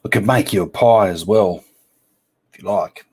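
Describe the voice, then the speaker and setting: A man's voice: fairly low pitch, moderate pace, a little mellow, husky. Playful man chatting on a live stream. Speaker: livestream host. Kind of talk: casual live-stream chat reading comments.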